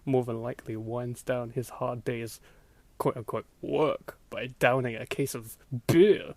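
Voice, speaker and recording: Male podcast host, mid pitch, dry close mic, reads a story aloud for laughs and cracks up often. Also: fairly even intonation, a little slow, a little mellow, dry recording. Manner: laughing through a mocking read, acting out voices. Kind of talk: comedic dramatic reading of an old blog post.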